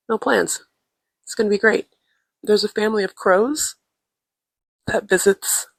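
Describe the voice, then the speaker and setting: A woman's voice: mid-range voice, vocal fry. A woman in a mid-range voice keeps a casual travel audio diary, full of playful jokes and mock-serious asides. She talks close into a tiny clip-on microphone, and the sound is dry with almost no room echo. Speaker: podcast co-host. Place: indoors at a relative's family home. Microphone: tiny clip-on influencer microphone.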